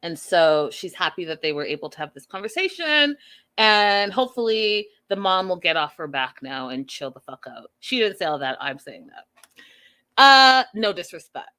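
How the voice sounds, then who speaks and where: A woman hosting a live show recap, giving her opinions in an animated way and talking to the live chat. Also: lowish voice, normal speed. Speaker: host.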